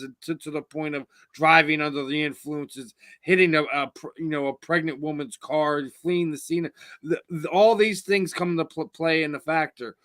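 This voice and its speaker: A man co-hosting a casual podcast, halting and repeating words as he talks. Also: fairly high pitch, fairly bright tone, no echo. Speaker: podcast co-host.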